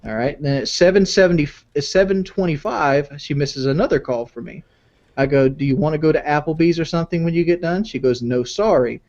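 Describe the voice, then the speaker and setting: A young man talks fast and loose on a podcast, tripping over his words and restarting. His voice sits a little high. The audio sounds dull and lo-fi. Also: darkish tone. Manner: stammering, repeats himself, reads messages in a high mocking voice. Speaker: podcast guest reading texts aloud. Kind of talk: casual podcast banter.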